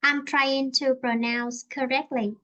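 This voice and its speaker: This Vietnamese-accented English teacher keeps her online lesson chat relaxed and unhurried. She speaks in a high, bright voice, often pausing and using fillers while she hunts for words.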